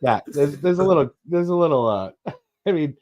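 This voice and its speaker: A man co-hosting a casual podcast chat during a football match, rambling, swearing and trailing off softly. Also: fairly high pitch, expressive, moderate pace, lo-fi sound. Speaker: podcast co-host.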